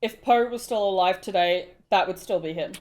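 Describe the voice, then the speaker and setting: A woman banters on a casual podcast, wry and quick with a sweary comeback. Her pitch is average for a woman, and her tone stays relaxed and joking. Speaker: podcast co-host.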